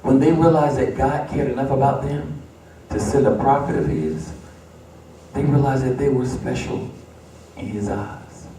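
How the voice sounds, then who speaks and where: A man's voice: mid-range voice, steady tone, a little slow, dark tone, a little hiss or hum. A man preaching a sermon as pastor, building to emphatic repeated refrains in a church sanctuary. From United States. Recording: echoey church, distant mic.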